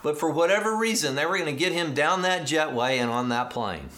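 Male pastor, slightly high, bright voice; animated sermon storytelling. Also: a little fast. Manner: animated, acts out quoted dialogue, rising to excited emphasis.

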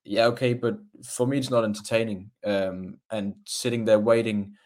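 A man with a low, flat voice that barely rises or falls. He talks hesitantly, with plenty of ums, in a casual podcast chat. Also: normal speed. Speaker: podcast co-host.

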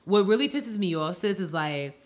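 A woman's voice: medium pitch, animated, moderate pace. A woman co-hosting a podcast in casual chat, talking in an exasperated, emphatic way and repeating herself. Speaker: podcast co-host.

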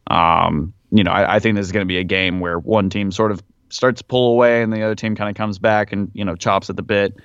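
A man's voice: lowish voice, fairly even intonation, brisk, hardly any pauses, a bit bright, smooth, no room sound, dull audio. A man co-hosting a casual sports podcast, rambling through his points with lots of fillers and a bit of argumentative edge. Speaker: podcast co-host.

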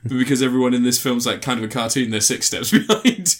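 A man in casual podcast chat about films, rambling and swearing, animated as he retells scenes. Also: medium pitch, quick pace.

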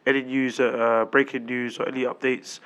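A man's voice: mid-range voice, level tone, normal speed, vocal fry, fairly bright tone. A young man co-hosting a podcast, repeating lines in hype-man banter. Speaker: podcast co-host. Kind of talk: casual chat.

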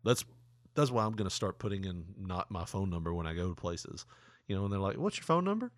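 A man hosting a podcast in casual chat, telling stories in an animated way and jumping into mocking voices. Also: brisk, dry recording, studio quality. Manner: animated storyteller, jumps into high mocking voices. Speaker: podcast host.

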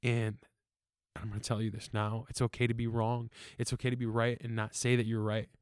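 A young man giving a casual church testimony about his wife and sons, earnest and halting, with many fillers and restarts. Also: medium pitch, monotone, darkish tone, smooth, no echo, clean studio sound. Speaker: church member sharing testimony.

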